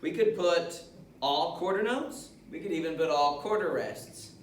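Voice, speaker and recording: A man's voice: fairly high pitch, expressive, a little slow, echoey room, recorded from a distance, slight background noise. A male music teacher leading an elementary class through rhythms, patient and step by step, chanting the rhythm syllables in time.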